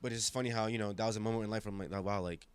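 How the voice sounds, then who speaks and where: A man's voice: fairly low pitch, racing, smooth, no echo. Young man telling an emphatic story. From Germany. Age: 20s. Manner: animated, emphatic, acts out quoted voices, frequent restarts. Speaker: podcast guest. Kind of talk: casual storytelling conversation.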